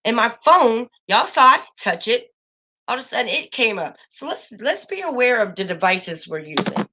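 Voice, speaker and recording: A woman's voice: fairly high pitch, very animated, moderate pace, sharp tone. A woman hosting a casual livestream, talking emphatically and a bit preachily to her viewers, calling them y'all. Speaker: channel host.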